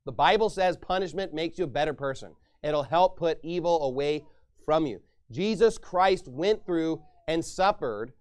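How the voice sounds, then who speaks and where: A male pastor preaching a sermon and reading scripture aloud, emphatic, swinging from hushed asides to loud declarations. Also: fairly high pitch, lively intonation, moderate pace.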